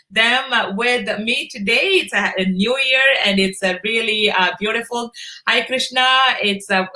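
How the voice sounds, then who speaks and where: A middle-aged woman hosts a casual live online broadcast, warmly greeting viewers by name. Her voice is bright, forceful and a little high, she pauses often on "uh", and the sound is roomy and echoey.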